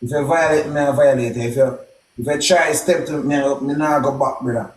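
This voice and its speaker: A young man with a Jamaican accent telling a story casually, in a heavy patois with shouted exclamations. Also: fairly high pitch, steady tone, fairly quick, echoey room, slight background noise. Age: young adult.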